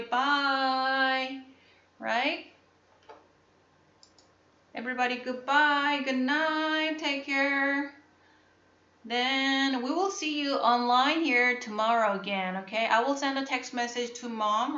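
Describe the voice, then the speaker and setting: Slow, bright-voiced woman teacher. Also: on the high side. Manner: slow, repetitive, checking understanding. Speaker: English teacher. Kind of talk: online class teaching. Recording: muffled, echoey room.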